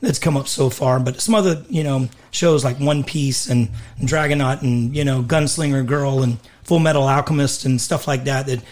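A raspy-voiced man, a voice actor and guest in a studio interview, telling candid stories and laughing often. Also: mid-range voice, normal speed, few pauses, darkish tone. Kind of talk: casual storytelling in interview.

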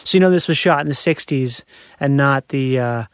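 A man chatting casually in an animated, rambling way, full of fillers and quick laughs. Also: medium pitch, smooth, no room sound, studio quality. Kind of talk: casual chat.

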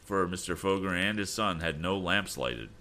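A man reading an adventure story aloud as narrator in a measured storytelling manner. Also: deep voice, lively intonation, pushed and bright. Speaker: audiobook narrator. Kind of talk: scripted narration.

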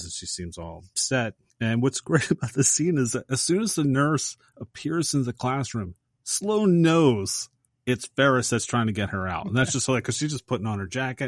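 A man co-hosting a casual movie podcast, retelling a film scene step by step in a lively, storytelling way. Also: fairly low pitch, no room sound, studio quality. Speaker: podcast co-host.

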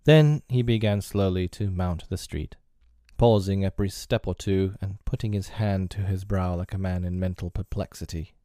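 A man reading a classic novel aloud in a measured, steady storybook narration. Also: low voice, dry recording, studio quality.

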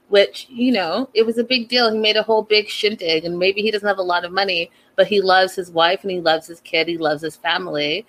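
A woman recapping a reality show in casual, gossipy commentary, animated and incredulous. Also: medium pitch, moderate pace, rough recording.

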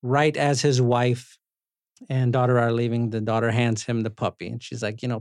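A man hosting a podcast, recapping movie scenes in a lively, joking way, with casual swearing. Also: mid-range voice, moderate pace, dry recording, clean studio sound. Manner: animated storyteller, swears, laughs often. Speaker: podcast host.

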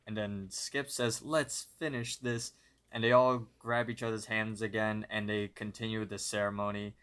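A podcast co-host recaps a cartoon plot step by step in a casual episode, making small slips and correcting himself. His voice is lowish, smooth and slightly bright, with little pitch movement and a normal speed.

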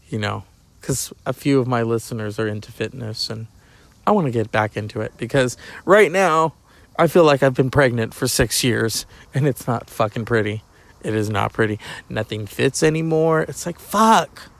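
A man's voice: mid-range voice, moderate pace, creaky, dry recording. A middle-aged man hosting a podcast, rambling casually, joking and swearing while chatting to his cat. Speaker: podcast host.

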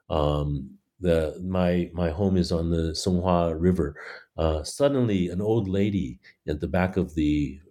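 A playwright from China being interviewed, telling animated stories and acting out the voices of the people in them. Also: male voice, low voice. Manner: animated storyteller, acts out quoted voices. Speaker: playwright guest. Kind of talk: conversational interview.

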